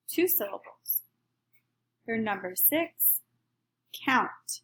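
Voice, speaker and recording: A woman teaching a phonics lesson, slowly and clearly stretching out each word as she counts its syllables. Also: on the high side, lively intonation, fairly bright tone, slight background noise, poor audio. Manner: slow, clear, deliberate, stretching out words.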